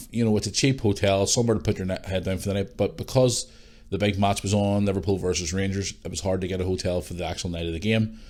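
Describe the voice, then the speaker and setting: Northern Irish male podcast host, lowish voice, rambling, sweary storytelling. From Northern Ireland. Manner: rambling, swears a lot, frequent restarts. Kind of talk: casual storytelling monologue.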